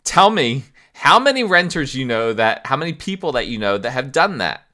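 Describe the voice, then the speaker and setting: Bright-toned male podcast host. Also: medium pitch, very animated, normal speed. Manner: conversational, asks the audience rhetorical questions. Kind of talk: explanatory monologue.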